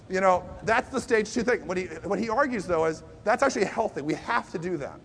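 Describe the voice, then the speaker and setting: A man preaches a conversational sermon as a lively storyteller, swinging between hushed and loud emphasis and tossing in self-deprecating asides. His voice is high and brisk.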